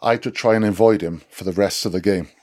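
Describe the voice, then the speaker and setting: A man with a Welsh accent, a former rugby player, telling lively anecdotes as a podcast guest with swearing and laughs. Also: lowish voice, fast, no echo, studio quality. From Wales. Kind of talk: casual storytelling chat.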